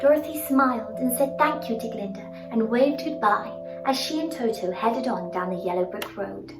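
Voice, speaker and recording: Woman storyteller, high voice, expressive and sing-song, echoey room, off-mic, soft music behind. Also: moderate pace, recorded from a distance. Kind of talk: children's storybook narration. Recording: roomy sound from off-mic, faint music.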